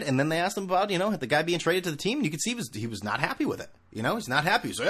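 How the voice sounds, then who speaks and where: A man's voice: on the high side, sing-song, rapid-fire, few pauses, fairly bright tone, slightly rough. A man hosting a sports talk show, ranting sarcastically in a casual monologue full of asides. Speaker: sports podcast host.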